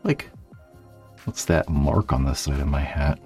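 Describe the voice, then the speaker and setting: A man with a bass voice and a darkish tone hosts his YouTube channel, speaking a little slowly with faint music behind him. It's a casual livestream chat where he rambles to viewers with lots of fillers and swearing.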